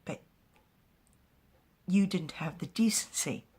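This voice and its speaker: A woman voicing a stern, weary male clan chief in a soft, breathy near-whisper, cold and measured. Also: lowish voice, lively intonation, full character voice. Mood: cold warning.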